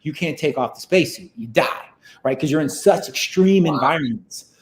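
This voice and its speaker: A man's voice: fairly high pitch, expressive, normal speed, lightly acted. A man voicing a bewildered, earnest astronaut who keeps exclaiming.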